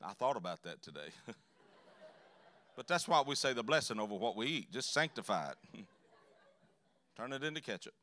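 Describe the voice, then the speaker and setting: A man's voice: medium pitch, big pitch swings, moderate pace, pauses often, sharp tone. A man preaching a sermon in a church, telling folksy, joking stories. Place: church sanctuary.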